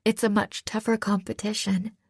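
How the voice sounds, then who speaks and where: A woman voicing a cheerful young female sailor in an audiobook, pitched a little higher than her narration. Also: level tone, normal speed, no room sound, clean studio sound, close to an everyday voice. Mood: hesitant.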